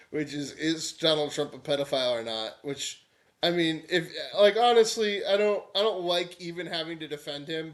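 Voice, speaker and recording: A man live-streaming political commentary, irreverent and mocking, breaking into whiny put-on voices. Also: fairly high pitch.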